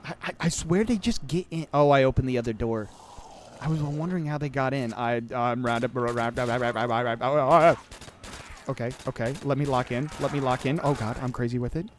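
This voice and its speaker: A podcast host in his twenties rambles casually while playing a video game, sarcastic and self-deprecating. His voice is medium-pitched and a little fast, with a slight hiss or hum in the recording.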